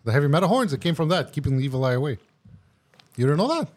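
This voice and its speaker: A young man co-hosting a podcast with quick, chatty, casual banter. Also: a little high, sing-song, a little mellow. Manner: quick, chatty, fond of rock trivia. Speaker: podcast co-host.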